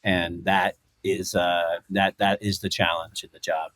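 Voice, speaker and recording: A man in his fifties, a guest in a casual interview, telling stories in an animated way, acting out quotes and laughing often. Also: sits low, measured pace, no echo. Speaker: guest, former fighter and commentator.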